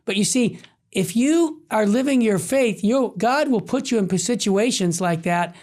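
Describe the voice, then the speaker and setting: A man's voice: high voice, measured pace. A man hosting a Catholic radio talk show, telling stories with energy and acting out the voices of people he quotes. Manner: animated storyteller, acts out quoted voices.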